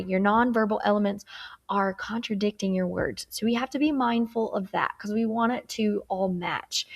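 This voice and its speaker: Gravelly-voiced woman teaching a lesson. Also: mid-range voice. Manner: chatty, keeps checking in with "okay?"; acts out tone examples. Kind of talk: recorded workplace skills lesson.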